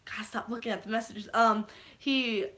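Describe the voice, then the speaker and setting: Bright, excitable young woman vlogger. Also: a little high, normal speed. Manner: rambling, swears freely, bursts into shouts. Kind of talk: excited movie recap on a live stream.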